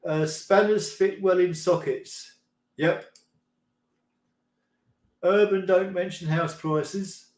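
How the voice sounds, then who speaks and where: A man's voice: high voice, takes it slowly, pauses often, a little mellow. Chatty man in an echoey room. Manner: rambling, laughs often, mild swearing. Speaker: live stream host. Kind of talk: casual chat reading viewer comments.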